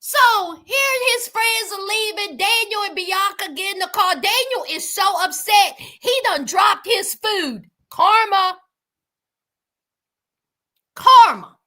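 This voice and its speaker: A sassy woman talks straight to her viewers, calling them honey as she reacts to a reality show. Her voice sits high and bright, swinging up and down with lively energy. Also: a little slow, few pauses. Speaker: reality TV commentator. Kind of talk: reaction commentary.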